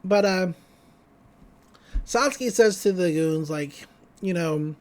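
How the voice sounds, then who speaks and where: A podcast co-host in casual chat, retelling an episode in an animated way and acting out the quoted lines. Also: medium pitch, slow, pauses often. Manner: loose, with frequent "like" and restarts.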